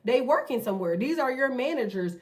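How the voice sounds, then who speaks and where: A woman hosting a tarot channel, talking in a blunt, profane, fast casual rant. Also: a little high, animated, far from the mic. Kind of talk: casual ranting monologue.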